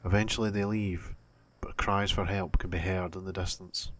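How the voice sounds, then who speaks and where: Male narrator, lower pitch, calm storytelling, slight background noise. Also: normal speed.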